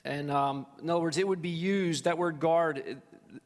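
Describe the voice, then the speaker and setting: A man teaching a church Bible study, telling stories in an animated way with frequent restarts and personal asides. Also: fairly high pitch, moderate pace. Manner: animated storytelling, many restarts, personal testimony. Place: church hall. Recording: long hall reverb.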